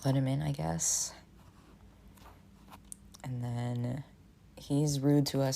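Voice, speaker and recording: A woman streaming a choose-your-own-adventure game, thinking aloud in a relaxed, casual way and reading choices out. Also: very deep voice, takes it slowly, vocal fry, long pauses, a little hiss or hum.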